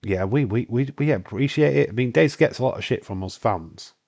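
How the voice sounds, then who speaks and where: A man's voice: mid-range voice, lively intonation, a little fast, gravelly, a little mellow. A young Scottish man hosting a casual live-stream chat, rambling and swearing freely, his voice congested from hay fever. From Britain. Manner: rambling, sweary, laughs often.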